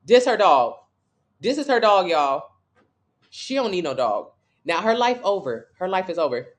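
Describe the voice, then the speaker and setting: A woman's voice: lowish voice, very animated, normal speed. A woman from Miami with a Southern US accent, a fitness coach chatting candidly and with swearing on a casual live stream. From Miami, Florida. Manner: candid, profane, gossipy and chatty.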